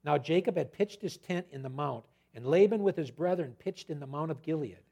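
A male preacher works through a scripture passage in a loose, conversational way. His voice sits a little high and sounds husky and breathy, and he drops animated asides between the verses. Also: a little fast. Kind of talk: expository sermon.

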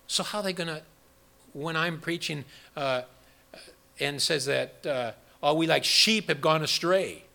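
A man with a gravelly, bright voice leads a Bible study from the front of a church room. He rambles through his points with restarts and keeps quizzing the people in front of him. His pitch sits a little high for a man. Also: measured pace. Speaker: preacher. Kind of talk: interactive Bible study sermon.

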